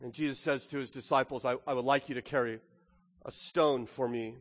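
A man preaching a sermon in a church, animated, swinging from loud to hushed and acting out the lines he quotes. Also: mid-range voice, fairly quick. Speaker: pastor. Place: church sanctuary. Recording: long hall reverb.

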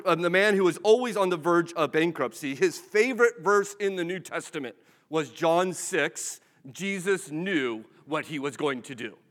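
A male preacher delivers a sermon in an easy, conversational way, with gentle humor and little acted-out exchanges. His voice sits a touch high for a man. The sound carries a long reverb, as in a church hall. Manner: conversational, humorous, acts out dialogue.

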